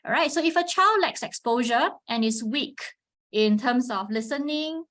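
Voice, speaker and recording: A woman presenting an instructional webinar, patiently explaining and checking in with "all right," sometimes modeling tones with sharp pitch swings. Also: expressive, normal speed. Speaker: webinar presenter on teaching Chinese.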